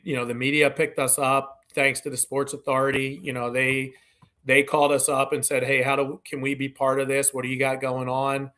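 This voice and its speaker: A man with an ordinary mid-range voice, a guest on a podcast, telling stories casually. He slips into the voices of the people he quotes and leans on "you know" as he goes. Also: mid-range voice. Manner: lively anecdotes acting out quoted dialogue, frequent "you know" fillers. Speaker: podcast guest, community event organizer. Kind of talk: casual storytelling interview.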